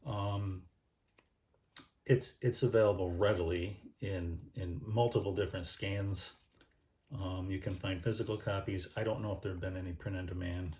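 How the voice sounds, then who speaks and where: A man's voice: low voice, fairly even intonation, normal speed, a little mellow. A man explaining church music casually, thinking aloud with many ums and restarts as he pages through a book.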